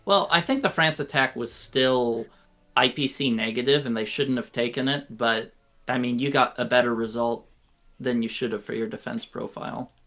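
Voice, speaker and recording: Gravelly, bright-voiced man thinking aloud. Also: mid-range voice, moderate pace, soft background music. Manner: thinks aloud while planning moves, admits mumbling. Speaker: board game player. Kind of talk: casual live-stream game chat. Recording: livestream call audio.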